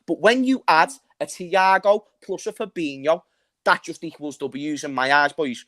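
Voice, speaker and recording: A hoarse young man, ranting passionately as he co-hosts a football fan reaction chat. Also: on the high side, measured pace, no room sound. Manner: passionate, ranting, bursts into laughing shouts. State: hoarse from shouting. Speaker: fan channel co-host.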